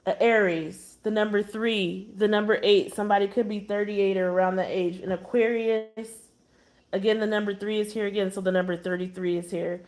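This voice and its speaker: A woman giving a casual tarot reading, blunt and chatty with exasperated asides. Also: mid-range voice. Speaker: tarot reader.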